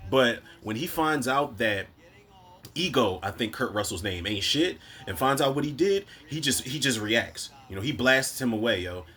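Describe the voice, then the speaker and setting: A man with a Philadelphia accent talks through a movie review in a loose, rambling way, swearing and dropping slang. His pitch sits in an ordinary middle range. He jumps between thoughts and acts out lines from the films. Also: animated, normal speed, sharp tone. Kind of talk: casual movie review rant.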